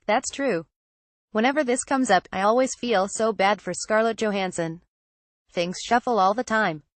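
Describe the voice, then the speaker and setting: A woman reading a printed interview aloud as a narrator, in an even, steady manner. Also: medium pitch, no echo. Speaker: article reader.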